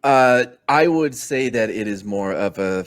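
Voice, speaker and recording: A man's voice: lowish voice, unhurried, dry recording. A man playing a tabletop game, chatting casually and joking. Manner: joking, animated. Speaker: player.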